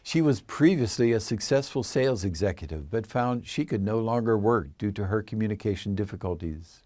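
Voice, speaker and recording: A man narrating a scripted explainer in a measured, assertive way. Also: lowish voice, animated, darkish tone, dry recording.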